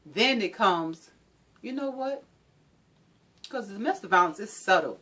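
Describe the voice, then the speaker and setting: A woman's voice: medium pitch, expressive, measured pace, long pauses, a bit bright, husky. A woman speaking as a domestic violence advocate, giving an impassioned talk with an emphatic, repetitive, preaching rhythm.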